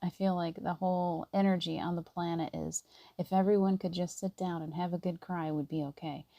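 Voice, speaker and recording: A middle-aged woman hosting a spiritual live stream, talking softly and earnestly and greeting viewers by name. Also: on the low side, steady tone, fairly quick, vocal fry, no room sound.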